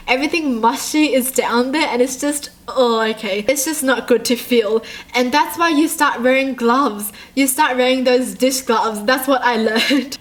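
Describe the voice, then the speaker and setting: A bubbly young woman from Australia with a high, bright voice, chatting in a casual vlog. She giggles often and talks in a chatty, playful way. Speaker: YouTube reaction host.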